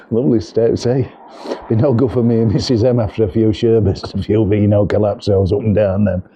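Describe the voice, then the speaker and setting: A man's voice: lowish voice, fairly even intonation, a little fast, warm tone. A middle-aged man, chatting casually and jokingly as he walks and films through windy outdoor steps and narrow yards. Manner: chatty, jokey, rambling with ums. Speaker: vlogger. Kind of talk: casual walking vlog. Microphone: camera mic with windshield.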